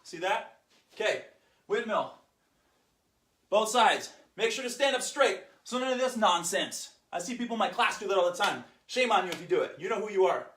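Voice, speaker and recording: A man hosting a fitness show, leading an exercise demo and then chatting in an energetic, jokey, rambling way, a little out of breath. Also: high voice, normal speed, breathy edge. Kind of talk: exercise demo and casual podcast chat.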